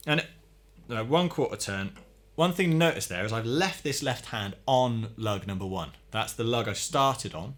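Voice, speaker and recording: Calm man teaching drum tuning. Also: fairly low pitch, normal speed, noisy background. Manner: calm, methodical, talks while working. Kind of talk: hands-on tutorial demonstration.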